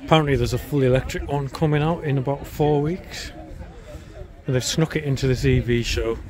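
A man's voice: mid-range voice, brisk, darkish tone. A man hosting his own vlog, chatting casually to camera and musing aloud as he looks round cars at a show. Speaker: vlog host. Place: busy electric car show. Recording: busy show crowd behind.

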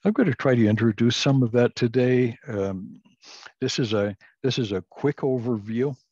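A man teaching a recorded online class, halting with many fillers and restarts, chuckling at his own jokes. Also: medium pitch, a little mellow, husky, no echo, dull audio. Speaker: Bible teacher.

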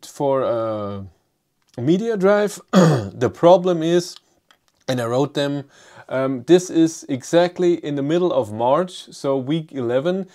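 Halting German-accented man hosting a livestream. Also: mid-range voice, darkish tone. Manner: halting, many fillers and restarts, reads chat questions aloud. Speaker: livestream host. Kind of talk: live chat answering viewer comments.

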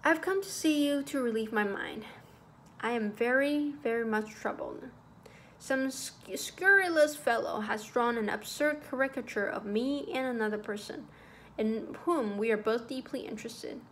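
A woman's voice: fairly high pitch, moderate pace, fairly bright tone, lightly acted. A prim, nervous schoolmaster, put on by a woman reader, frets and lectures in a raised, tight voice. He sounds scandalized by everything, storybook style, with a faint hiss of noise behind him. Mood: anxious lecturing. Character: fussy anxious old-fashioned male schoolmaster.

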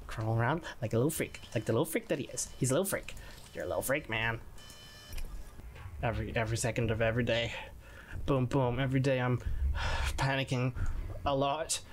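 A woman's voice: very deep voice, brisk, long pauses, slight background noise. A woman streamer giving jittery gameplay commentary, talking to herself with whispered asides.

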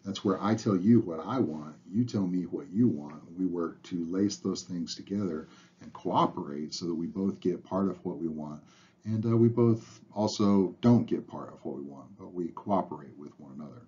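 A man with a very low, mellow voice and a slightly husky edge talks through lecture slides. He is relaxed, fills pauses with "uh," and lets his phrase ends trail off quietly. The recording sounds dull and lo-fi. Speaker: instructor.

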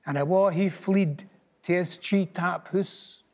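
A man with a Scottish accent reading a picture book aloud in Scots, expressive and lilting. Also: sits high, slow pace.

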